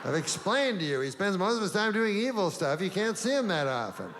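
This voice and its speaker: A middle-aged man doing a stand-up routine in a deadpan, rambling way, halting and restarting, with an audience laughing. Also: high-pitched. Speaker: stand-up comedian. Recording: live hall with crowd noise.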